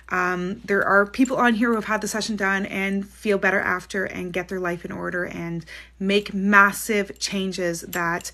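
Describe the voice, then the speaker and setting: A woman psychic medium hosts a casual live stream, reading viewers' questions aloud and answering each in turn. Her lowish voice sounds pushed and bright, and she's chatty, quick to laugh, and says "like" often.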